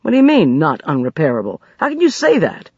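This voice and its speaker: A man's voice: high-pitched, very animated, moderate pace, slightly rough, no room sound, muffled recording, pitched above the performer's own voice, full character voice. A man voicing an impatient, bitter man who demands answers urgently in an audiobook. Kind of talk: audiobook character voice.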